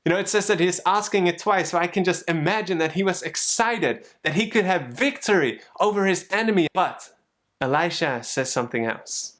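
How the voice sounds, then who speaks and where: A man giving a conversational sermon, retelling a story in a lively, storytelling way. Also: sits high, moderate pace. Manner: storytelling, animated, conversational preaching. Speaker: pastor.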